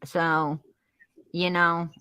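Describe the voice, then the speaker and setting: A woman's voice: lowish voice, little pitch movement, pushed and bright, clear, resonant tone, dry recording, rough recording. A woman chatting casually on a stream, teasing her friends in a giggly way. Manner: slow, giggly, teasing, with frequent laughter.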